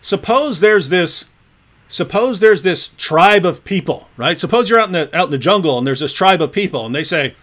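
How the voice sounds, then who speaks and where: A man hosting a casual livestream, talking in an animated way with frequent restarts. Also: sits high, moderate pace. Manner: animated, repeats words and restarts often. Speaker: host.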